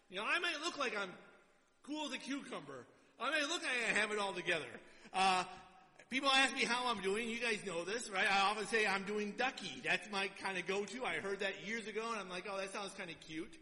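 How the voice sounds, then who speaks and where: A man's voice: very high-pitched, sharp tone. A man preaching a sermon in a chatty style, often checking in with the congregation. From Minnesota. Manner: conversational, asks the congregation "right?". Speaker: pastor. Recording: long hall reverb.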